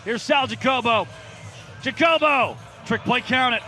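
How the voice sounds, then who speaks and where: A man calling a live baseball game from the broadcast booth, excitable and jokey, often shouting the big plays. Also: sits high, moderate pace, soft background music. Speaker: play-by-play announcer.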